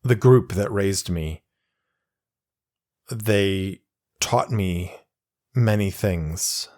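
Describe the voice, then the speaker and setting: Guy doing a quiet secretive psychic girl, soft halting voice, low and slow. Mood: hesitant. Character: guarded young woman psychic, secretive and quietly intense.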